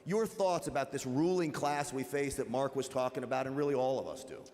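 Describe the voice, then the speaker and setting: A man's voice: mid-range voice, animated, fairly quick, a little mellow. A man moderating a panel at a live event, posing a long question to a panelist. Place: large hall with audience. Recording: distant voice in a reverberant hall.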